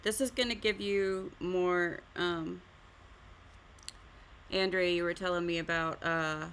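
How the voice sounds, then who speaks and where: A woman's voice: on the low side, fairly even intonation, slow pace, a bit bright, slight background noise. A woman hosting a live art stream, chatting casually while teaching drawing and often laughing at herself.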